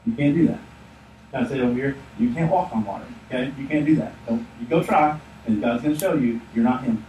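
A male pastor preaching a sermon in a lively, joking storytelling manner. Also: medium pitch, fast talker, highs cut off, slight background noise. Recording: echoey room, distant mic.

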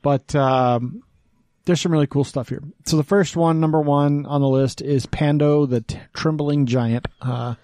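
A man's voice: on the high side, fairly even intonation, unhurried, warm tone, no room sound. A man co-hosting a podcast in casual chat, joking and swearing freely, with plenty of fillers as he leads the segments. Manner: joking, profane, filler-heavy. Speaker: podcast co-host leading segments.

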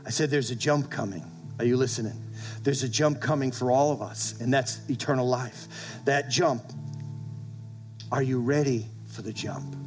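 A man's voice: mid-range voice, moderate pace, darkish tone, soft background music. A male pastor preaching a sermon to his congregation, emphatic, repeating phrases and restarting with stammers. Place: church service with congregation.

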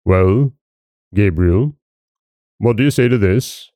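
A deep, sneering goblin, as a man puts him on, stern and mocking as he questions his captive. The voice sits low and mellow, in a dry close recording for a storybook. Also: slow, dry recording.

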